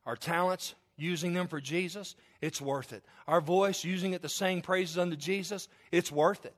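A male pastor delivering a sermon with a high, bright-sounding voice. He preaches emphatically, repeating phrases as he builds intensity, then drops low and quiet. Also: steady tone, moderate pace, few pauses. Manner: emphatic, repetitive preaching with rising and falling intensity.

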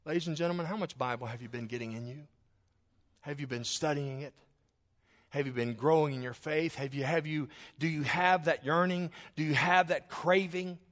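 A man delivers a sermon to his congregation. His voice sits a little high, and he swings between loud, emphatic declarations and quiet, almost whispered asides, folding in homey stories as he preaches. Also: normal speed. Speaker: pastor. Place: church sanctuary, also streamed online.

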